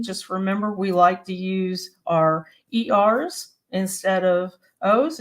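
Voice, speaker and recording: A woman from Maryland and West Virginia giving an explanatory presentation in a steady, plain-spoken teaching manner. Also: medium pitch. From Maryland and West Virginia, USA.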